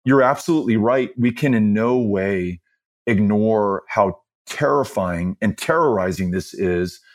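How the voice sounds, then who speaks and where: A man from Texas, a political candidate, telling stories as an interview guest in an earnest, impassioned way. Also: on the low side. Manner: earnest storytelling, measured and impassioned. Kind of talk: conversational interview.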